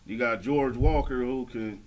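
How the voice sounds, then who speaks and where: A man's voice: medium pitch, unhurried, slight background noise, rough recording. A man, a football coach, telling stories of his players in casual talk. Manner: steady storytelling, listing players. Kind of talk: casual sports chat.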